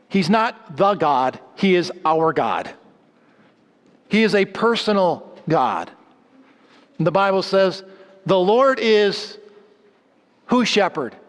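A man preaching a sermon, telling stories, repeating words for emphasis, and dropping low and slow when he reads scripture. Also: long reverb tail. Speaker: pastor.

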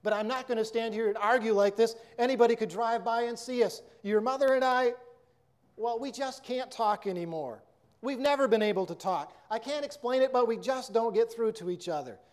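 A man's voice: very high voice, fairly quick. Man reading as a cold, curt husband. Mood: defensive. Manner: abrupt, dismissive.

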